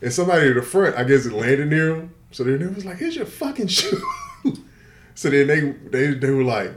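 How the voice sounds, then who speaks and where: A man's voice: medium pitch, fast. An older man telling a story in casual podcast chat, profane and laughing often. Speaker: podcast co-host.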